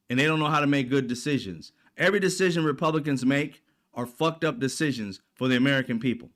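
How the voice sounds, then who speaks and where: A man's voice: fairly high pitch, a bit bright. Blunt, profane man ranting. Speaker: political commentary host. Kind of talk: ranting political commentary.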